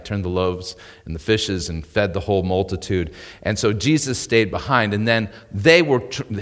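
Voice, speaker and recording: Low-voiced pastor preaching in a reverberant hall. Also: male voice, a bit bright. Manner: conversational teaching, asks "right?" often. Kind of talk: sermon. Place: church sanctuary. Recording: long reverb of a church hall.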